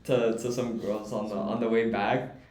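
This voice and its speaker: A man's voice: on the low side, level tone, moderate pace, darkish tone. A young man chatting as a podcast co-host, rambling through a story with laughs and restarts. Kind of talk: casual chat. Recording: roomy echo.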